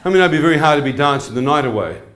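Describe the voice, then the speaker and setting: A man preaching a testimony sermon, animated and questioning his listeners. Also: fairly high pitch, racing. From New Zealand. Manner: animated, asks the crowd questions. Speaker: evangelist. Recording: echoey hall.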